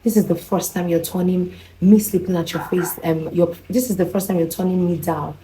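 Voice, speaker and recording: A woman's voice: lowish voice, fairly even intonation, brisk, warm tone, slight background noise, natural voice, poor audio. A Nigerian woman quoting her suspicious young female friend in a voice close to her own.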